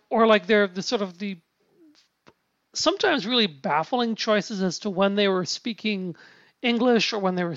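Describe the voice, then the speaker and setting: Halting man in a lo-fi recording. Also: sits high, a bit bright, no room sound. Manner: halting, many restarts and fillers, swears casually. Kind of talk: casual film discussion. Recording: dull lo-fi sound.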